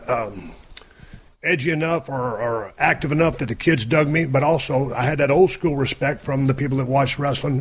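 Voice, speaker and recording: A man's voice: medium pitch, husky. A man hosting a podcast, chatting casually in a blunt, slangy drawl and often repeating his words. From South Texas. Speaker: podcast host. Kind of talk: casual chat.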